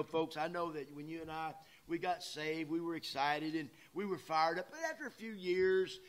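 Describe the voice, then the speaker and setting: A man preaching a sermon as pastor, folksy, shifting between loud emphatic lines and quiet asides. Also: on the high side. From Louisiana. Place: church sanctuary.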